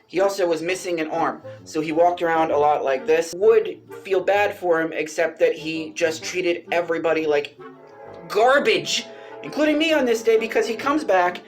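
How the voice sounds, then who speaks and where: A man vlogger telling a personal story in a casual way, animated and exasperated, swearing freely and pushing his pitch up for emphasis. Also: normal speed, soft background music.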